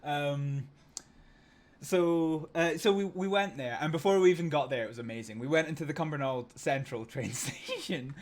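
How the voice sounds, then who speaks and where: Hosting a train simulator stream, this young man from Scotland talks at a moderate pace in a slightly high voice. He drifts casually from one anecdote to the next, swearing a lot, using plenty of fillers, and laughing often.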